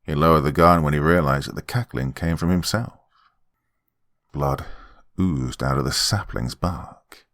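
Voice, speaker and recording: A man narrating a horror story in a dramatic, expressive scripted read. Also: rumbling low, measured pace, dry recording, studio quality.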